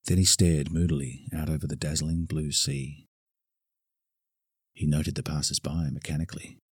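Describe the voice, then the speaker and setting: Deep-voiced man reading a novel. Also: steady tone, moderate pace, husky, no echo, studio quality. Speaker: narrator. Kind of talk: audiobook narration.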